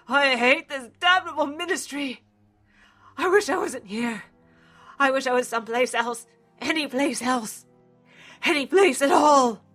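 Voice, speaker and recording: A woman's voice: medium pitch, slightly rough. A woman voicing a frightened, wounded male archivist who cries out and pleads melodramatically.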